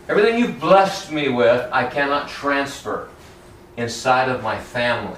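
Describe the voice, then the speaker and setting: A man preaching a sermon in a church, lively and conversational, often acting out Bible characters in casual everyday voices. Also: medium pitch, moderate pace, a little hiss or hum. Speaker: pastor. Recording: roomy echo, heard from a distance.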